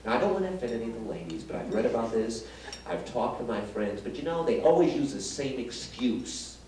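A man's voice: mid-range voice, very animated, a little fast. A man from Detroit performing magic and stand-up comedy live in a casino showroom, cracking jokes and bantering with the audience. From Detroit, USA. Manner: wisecracking, chatting with the audience. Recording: echoey live room, loud crowd and noise, mic at a distance.

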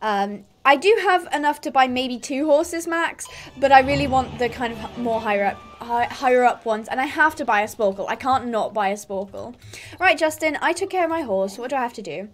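A woman's voice: fairly high pitch, normal speed. A woman giving chatty, giggly let's-play commentary as a gaming YouTuber.

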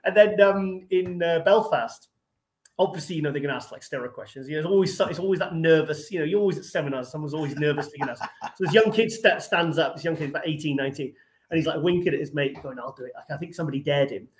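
A man chatting quickly with a slightly raised pitch. He rambles through his stories and keeps restarting his sentences. His voice echoes around the room. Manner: rapid, rambling, lots of "I mean" restarts. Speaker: guest, tour organizer. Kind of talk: casual storytelling chat.

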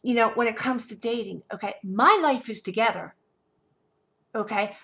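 A woman's voice: fairly high pitch, normal speed, gravelly, fairly bright tone. A woman vlogger telling a personal story in an emphatic, indignant way, often checking in with "okay?". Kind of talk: casual storytelling to camera.

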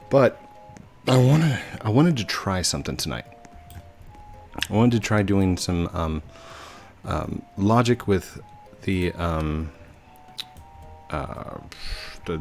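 Brief: a low-pitched man chatting loosely through a game session, stumbling over fillers, with faint music behind him. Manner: rambling, many fillers and restarts. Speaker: gaming video host. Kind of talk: casual gameplay commentary.

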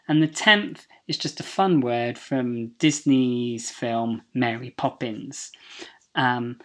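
A British woman teaching English pronunciation in a recorded slide lesson. Her voice sits low for a woman, and she speaks slowly and deliberately. She models each word carefully and repeats it so that learners can say it after her.

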